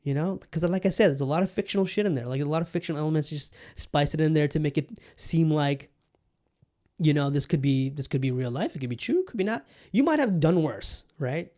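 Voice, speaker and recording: A man's voice: fairly high pitch, lively intonation, brisk, warm tone. Laid-back rambling male podcast host. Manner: rambling and easygoing, casual swearing, many fillers. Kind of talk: casual solo podcast chat.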